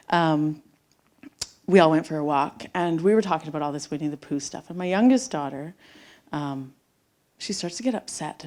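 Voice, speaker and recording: A woman's voice: sits low, a little mellow. A middle-aged woman telling a personal story live onstage, sometimes dropping to a near-whisper. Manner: intimate, drops to near-whispers at tender moments. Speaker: storyteller on stage. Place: theater stage before an audience.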